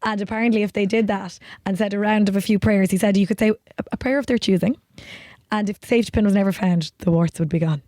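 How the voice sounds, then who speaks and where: A woman's voice: medium pitch, steady tone, fast, darkish tone, no echo. Playful Irish woman telling folk cures. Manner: playful storyteller, laughs often. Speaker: podcast co-host. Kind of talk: casual chat.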